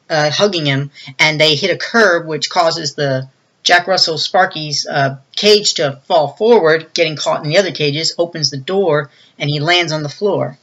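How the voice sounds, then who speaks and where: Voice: mid-range voice, sharp tone, highs cut off. A movie reviewer casually recapping a film's plot in a loose, rambling way, often acting out the characters' lines in a raised voice. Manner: retells scenes, acting out quoted lines in a raised voice; loose and rambling, with many fillers.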